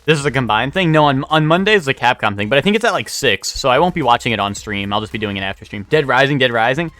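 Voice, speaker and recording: Bright-voiced young man chatting on stream. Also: mid-range voice, big pitch swings, quick pace, no room sound, faint music behind. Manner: rambling, chatty, reads out chat and answers it. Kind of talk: casual live-stream chat.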